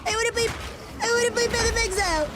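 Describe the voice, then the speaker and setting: A bratty little kid throwing a tantrum, whining and pleading in a shrill, squeaky voice, as a woman puts it on. It sits much higher than an ordinary speaking voice. Game music plays clearly underneath. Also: quick pace. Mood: whiny.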